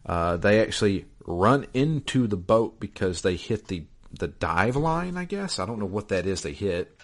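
A man with a very low, deep voice talks through a game's story in a loose, chatty way. He rambles, restarts sentences and fills pauses with ums and uhs. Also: sing-song. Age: adult, married. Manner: rambling, halting, many fillers and restarts. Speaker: podcast co-host recapping a game. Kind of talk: casual chat.

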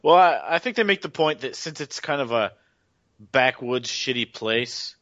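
A man in casual chat, adding relaxed short asides. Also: medium pitch, normal speed, no echo, lo-fi sound. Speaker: podcast co-host.

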